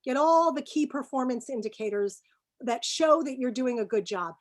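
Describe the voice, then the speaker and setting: A middle-aged woman talking emphatically as a business guest in a webinar interview, animated and quick to laugh. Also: sits high.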